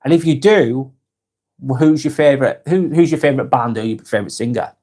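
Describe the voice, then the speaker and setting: A man's voice: mid-range voice, a little fast, a little mellow. A man in his forties with a Lancashire accent, hosting a casual live vlog and reading viewer comments aloud, chatty and friendly, often restarting and correcting himself. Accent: Lancashire English. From England. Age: 40s.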